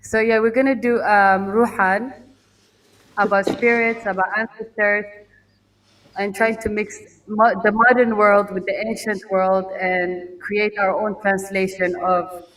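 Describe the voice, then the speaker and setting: A woman's voice: medium pitch, level tone, measured pace, fairly bright tone. A woman musician talking casually in a remote interview over a video call, chatty and laughing often. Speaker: guest musician. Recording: distant video call audio.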